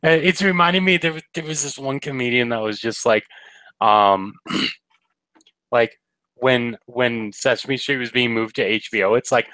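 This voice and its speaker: A man's voice: mid-range voice, a little slow, pushed and bright, no echo, poor audio. Young man, mid-range voice, dry close sound. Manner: storytelling, slips into silly voices for jokes. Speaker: podcast co-host. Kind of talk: casual fan chat.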